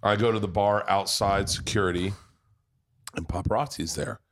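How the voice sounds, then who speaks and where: A man's voice: on the low side, fairly even intonation, normal speed, a little hiss or hum. A man hosting a podcast, telling rambling, profane anecdotes in casual chat at a pub. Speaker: podcast host.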